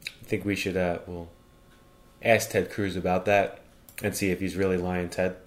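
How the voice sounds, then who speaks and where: A man co-hosting a comedy podcast, feeding deadpan leading questions in a joking chat. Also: low voice, moderate pace. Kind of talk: joking conversational banter. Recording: roomy echo.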